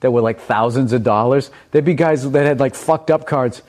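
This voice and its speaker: A man with a middle-pitched voice chats on a podcast. He tells stories in an animated way, swearing often as he riffs. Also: normal speed. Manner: profane, animated storytelling. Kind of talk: casual chat.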